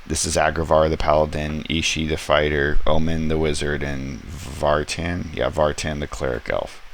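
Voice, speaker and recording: A man's voice: very deep voice, flat delivery, moderate pace, gravelly, a little hiss or hum. A man casually reviewing a comic book from his home studio, rambling with many ums and light character quotes. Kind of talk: casual comic review, paging through an issue.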